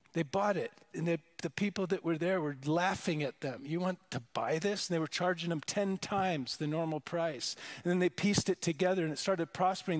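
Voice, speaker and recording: Earnest preaching man, slightly high voice. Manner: earnest, emphatic preaching with repetitions and restarts. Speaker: pastor. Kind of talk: sermon. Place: church worship service.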